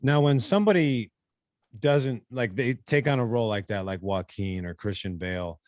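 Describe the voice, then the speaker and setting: A man's voice: mid-range voice, normal speed, darkish tone, no echo, clean studio sound. A man hosting a casual podcast, asking loose, curious questions and swearing casually. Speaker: podcast host.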